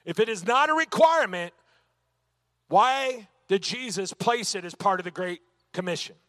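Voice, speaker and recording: A man's voice: sits high, expressive, normal speed, pushed and bright, no echo. Male Bible teacher, emphatic delivery, dry close sound. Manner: emphatic, punctuated with "amen" and rhetorical questions. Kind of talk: church Bible lesson.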